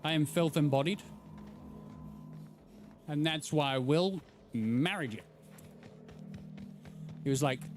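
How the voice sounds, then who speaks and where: A man's voice: fairly high pitch, slow, long pauses, soft background music. A man in his thirties doing live gameplay commentary, bantering playfully and teasing his chat. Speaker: streamer.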